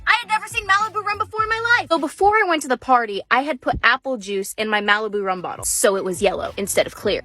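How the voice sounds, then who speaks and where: Giggly young woman telling stories. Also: fairly high pitch. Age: young adult. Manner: giggly, animated. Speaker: TikTok creator. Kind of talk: comedic storytime to camera.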